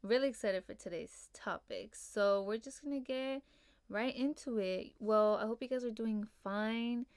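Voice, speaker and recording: A woman's voice: on the high side, measured pace, clear, resonant tone, no echo, studio quality. A young woman hosting a casual solo podcast, laid-back and rambling, full of fillers and casual swearing. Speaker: podcast host.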